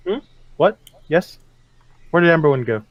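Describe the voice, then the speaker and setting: A man playing in a tabletop game, excitable and quick to giggle. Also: a little high, muffled recording. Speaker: player.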